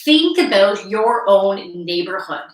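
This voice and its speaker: Woman live streamer, slow, bright and giggly, frank and sweary, set back from the mic in an echoey room. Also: medium pitch, lively intonation. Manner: giggly, laughs often between phrases. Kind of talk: casual live-stream chat. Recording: roomy echo, mic at a distance.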